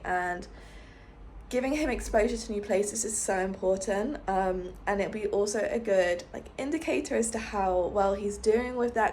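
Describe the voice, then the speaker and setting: A young woman vlogging casually, her voice a little hoarse after being ill, talking in a chatty, bubbly way. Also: medium pitch, a little mellow, a little hiss or hum. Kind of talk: casual vlog chat.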